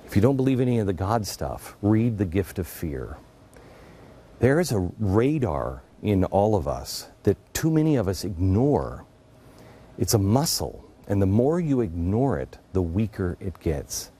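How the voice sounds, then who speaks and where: A middle-aged man hosting a talk show, telling a personal story in an earnest, confiding monologue that drops to a hush at times. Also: low-pitched, slight background noise. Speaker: radio and TV show host.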